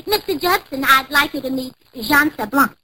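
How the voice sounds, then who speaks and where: A woman's voice: high voice, animated, moderate pace. A woman playing a cheerful, scatterbrained wife in an old radio comedy, with a lilting delivery. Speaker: comedy co-host. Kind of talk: 1940s radio acting. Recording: hissy old radio broadcast.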